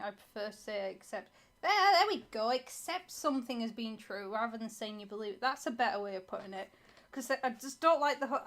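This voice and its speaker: A woman's voice: on the high side, fairly bright tone. A woman co-hosting a casual live stream, chatty and giggly, reading out chat.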